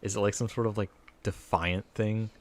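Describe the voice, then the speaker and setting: A man's voice: fairly low pitch, fairly even intonation, normal speed. A young man co-hosting a casual podcast chat, joking around, swearing, and laughing often. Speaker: podcast co-host.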